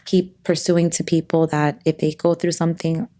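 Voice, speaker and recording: A woman guest in an interview, talking earnestly and at times tearfully about loss and faith, with halting restarts. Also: deep voice, little pitch movement, dark tone. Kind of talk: emotional interview conversation.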